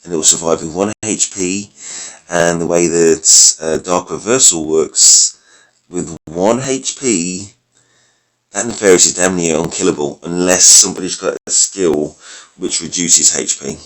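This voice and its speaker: A man who makes mobile game videos casually talks through card game decks, rambling and correcting himself as he thinks aloud. His voice is deep and unhurried but a little worn, as he's losing his voice.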